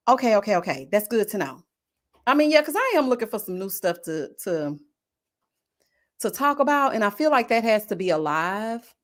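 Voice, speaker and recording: A woman who hosts a live-stream reality-TV review, talking in a sassy, animated, gossipy way. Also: medium pitch. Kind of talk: casual live-stream commentary.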